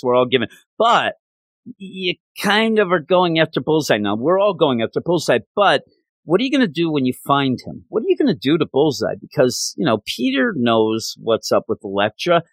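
A man with a slightly higher voice walks through a comic issue in a loose, rambling way, full of "you know" and "like." The sound is close and dry, with no room around it. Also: very animated, normal speed, no room sound. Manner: rambling, chatty retelling with fillers. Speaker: comic book reviewer. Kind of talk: casual spoken review.

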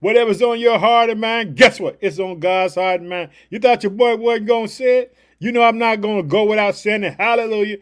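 A man's voice: high voice, brisk, few pauses, clean tone. A man preaching a devotional podcast sermon, fired up and emphatic, leaning on repeated catchphrases.

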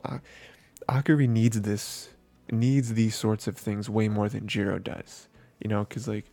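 A man hosting an anime podcast, recapping an episode in a rambling casual way, with lots of fillers and soft laughs. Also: fairly low pitch, gravelly.

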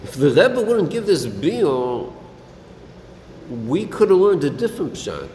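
A man's voice: a little high, big pitch swings, unhurried, mellow. A man teaching a lesson in a study hall, asking his students questions and mixing in Yiddish and Hebrew terms. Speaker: Torah teacher. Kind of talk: Talmudic-style lesson with students. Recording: echoey room, faint air conditioning hum.

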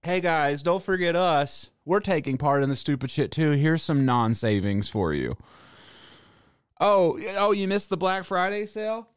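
A man voicing a pushy, fake-cheerful company salesman in a mocking sing-song pitch. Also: unhurried, smooth, no echo, clean studio sound, lightly acted.

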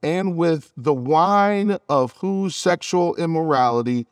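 Man, pastor, sermon, earnest preaching, somewhat high voice, dry close sound. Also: smooth, no echo. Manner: earnest preaching, with speeding and slowing for emphasis; reads scripture aloud.

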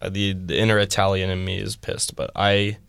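A man's voice: sits low, completely flat delivery, normal speed, gravelly, fairly bright tone, clear, resonant tone, no echo. A young man co-hosting a podcast in casual chat, hesitant and questioning, with a joking side. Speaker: podcast co-host.

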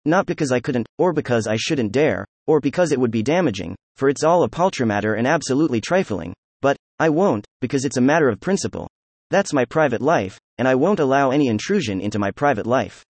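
A man's voice: mid-range voice, lively intonation, brisk, darkish tone, dry recording. A man reading an effusive, defiant young nobleman. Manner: effusive, emphatic, laughing. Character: excitable proud young nobleman under questioning.

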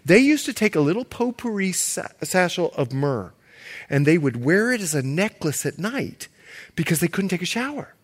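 A man preaching a sermon, animated and playful, swinging between loud and hushed. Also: high-pitched, moderate pace. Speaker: pastor.

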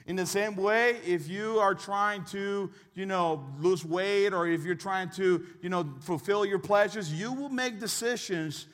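A man's voice: high-pitched, unhurried, hardly any pauses, fairly bright tone. Man preaching casually in an echoing hall. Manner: conversational and storytelling, with restarts and asides. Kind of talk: sermon.

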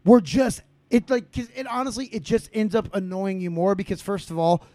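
A man's voice: high-pitched, normal speed, mellow, no room sound. A man hosting a comedy podcast, ranting casually with profanity and many restarts. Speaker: podcast host.

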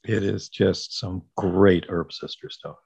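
Man with a very low voice, podcast co-host, casual and gushing. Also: steady tone, slow pace, vocal fry, a little mellow, husky, muffled recording. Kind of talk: casual chat.

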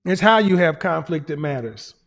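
Man, high voice, livestream advice host, emphatic, repetitive, swears, faint music behind. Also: lively intonation, moderate pace. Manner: emphatic, repetitive lecturing with profanity.

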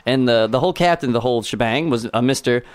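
A man's voice: medium pitch, fast, smooth. A man hosting a podcast, joking crudely and rambling through loose stories. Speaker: podcast host. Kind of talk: casual podcast banter.

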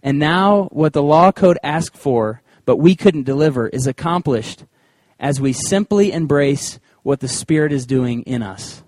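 A man preaching a sermon in a conversational, animated way, weaving in personal stories. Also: on the high side, unhurried, hardly any pauses, dry recording. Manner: conversational and animated, with acted-out quotes. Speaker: pastor.

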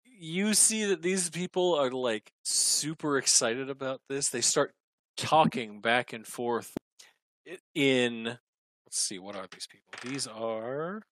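A man's voice: medium pitch, animated, takes it slowly, a bit bright. A man running a tabletop game as game master, narrating scenes and calling for rolls, often trailing off and restarting.

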